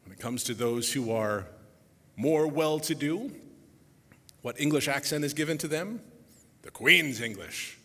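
A man giving a reflective public talk before a musical performance, animated, his voice dropping softly at the ends of phrases. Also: a little high, moderate pace, long pauses, in a large hall. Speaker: speaker introducing a musical performance.

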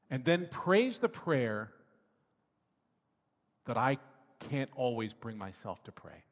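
A man's voice: on the low side, big pitch swings, slow, pauses often, breathy edge. A man, a father, preaching a reflective sermon that sometimes sinks to a near whisper. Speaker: pastor. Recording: long reverb of a hall.

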